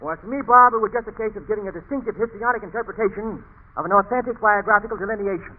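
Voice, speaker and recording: A man guesting on a 1940s radio comedy show, giving dry, deadpan comebacks, heard as a tinny, hissy broadcast. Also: high-pitched, fast. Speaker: guest actor.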